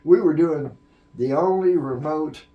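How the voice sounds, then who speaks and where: A man's voice: fairly high pitch, a little slow, lo-fi sound. An older man, a music producer and live sound engineer, telling long stories as an interview guest, rambling with many fillers and restarts. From Oak Cliff, Texas. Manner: rambling storyteller with many fillers and restarts, acting out quoted voices. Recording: roomy echo.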